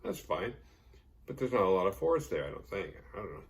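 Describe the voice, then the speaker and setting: Lively, sarcastic male podcast host. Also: low-pitched, fairly quick. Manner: rambling, sarcastic, profane. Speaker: horror movie podcast host. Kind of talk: casual movie recap with jokes.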